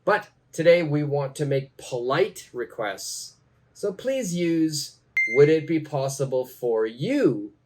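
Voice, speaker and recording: Slow, deliberate man teaching English. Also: on the high side, animated, a little mellow, a little hiss or hum. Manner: repeats phrases slowly for learners.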